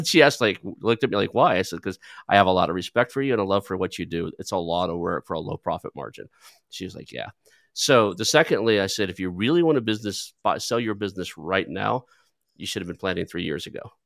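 A man's voice: sits low, lively intonation, fast talker, gravelly, a bit bright, no room sound, studio quality. A man hosting a podcast, chatting casually and telling stories with lots of fillers and restarts. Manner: rambling, storytelling with filler words. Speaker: podcast host who buys businesses. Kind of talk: casual conversational interview.

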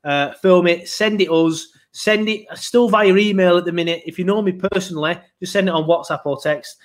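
A man's voice: high voice, moderate pace. Rambling young man. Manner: rambling, swearing, self-interrupting. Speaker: podcast host. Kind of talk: casual chat.

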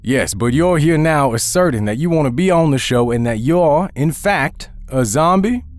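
A man's voice: mid-range voice, sing-song, a little fast, no echo, pitched above the performer's own voice, natural voice. A man doing a skeptical celebrity judge. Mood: suspicious. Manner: skeptical, probing. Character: suspicious male celebrity country judge.

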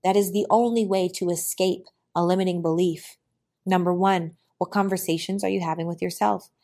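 Woman, podcast host; animated motivational talk that shifts from loud, emphatic preaching to quiet low asides. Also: normal speed. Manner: animated, preachy, talks to listeners as y'all.

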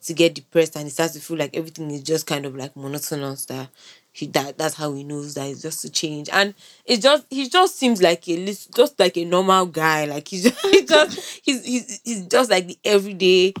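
A woman co-hosting a podcast in casual chat, relaxed and rambling with lots of likes and restarts. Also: fairly low pitch, moderate pace. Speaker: podcast co-host.

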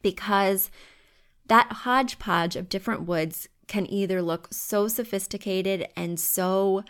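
A woman's voice: medium pitch, a little slow, fairly bright tone, clear, resonant tone. A woman hosting a podcast from home, giving chatty, emphatic design advice.

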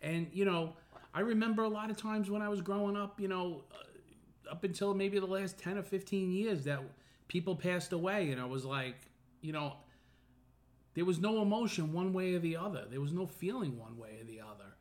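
A man's voice: sits high, moderate pace. A middle-aged man hosting a podcast, talking earnestly in a casual personal monologue full of fillers and restarts. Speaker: podcast host.

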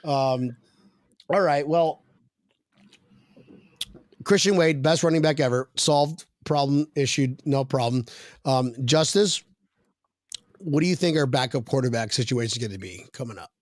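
An Australian man hosting a casual sports podcast, joking and excitable in banter over a remote call. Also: medium pitch, measured pace, long pauses, no echo, clean studio sound. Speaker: podcast host.

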